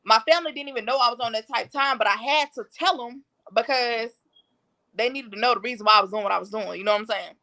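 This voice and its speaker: A woman's voice: on the high side, fast talker, bright, forceful tone. A woman guest on a podcast, candidly recounting a personal story in blunt, slangy, matter-of-fact talk.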